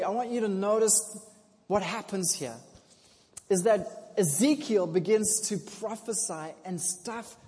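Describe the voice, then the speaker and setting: A man preaching a sermon. He swings from hushed to loud, laughs often, and. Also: high-pitched. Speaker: pastor. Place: church hall. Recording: long hall reverb.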